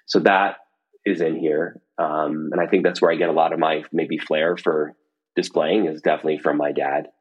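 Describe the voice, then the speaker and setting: A middle-aged man with a deep, husky voice talks as a podcast guest from a room in his home. He rambles, restarting sentences and filling pauses with ums. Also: little pitch movement, lo-fi sound. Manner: rambling, with many fillers and restarts. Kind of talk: casual conversation.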